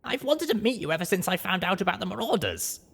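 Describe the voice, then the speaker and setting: A man doing an excitable young unicorn mare. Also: sits high, fast, creaky, breathy edge, voice pushed up, heavily acted. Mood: eager. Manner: excitable, earnest. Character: eager young female unicorn adventurer. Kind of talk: audiobook reading.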